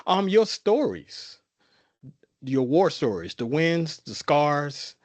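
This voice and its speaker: A man with a Southern twang gives a relaxed, folksy talk with a lot of rise and fall in his pitch. He speaks in casual, informal phrasing and repeats himself now and then. The sound is dry and close. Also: slow, no echo. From the Carolinas. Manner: folksy, repetitive, informal grammar. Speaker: guest speaker. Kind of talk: conversational presentation.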